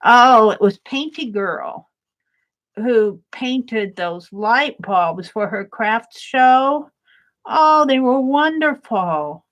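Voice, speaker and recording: A woman art vlogger chatting and gushing while she paints, laughing often and thanking viewers warmly. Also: a little high, animated, very slow.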